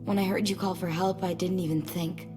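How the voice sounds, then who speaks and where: A woman's voice: on the low side, fairly even intonation, a little fast, music in the background, natural voice. Actress for a guarded teen survivor girl, blunt and worried; game dialogue with long reverb.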